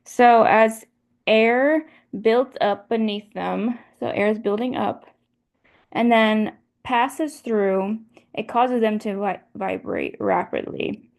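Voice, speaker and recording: Slow, gravelly young woman explaining step by step. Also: fairly high pitch, a little mellow. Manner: slow, step-by-step, repeats points. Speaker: student presenter. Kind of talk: explaining a model in a class presentation.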